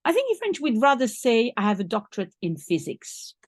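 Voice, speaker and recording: A woman's voice: on the high side, wildly swooping pitch, brisk, no room sound, studio quality. A woman teaching a French lesson in English, explaining patiently step by step and spelling out each French word. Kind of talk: language lesson.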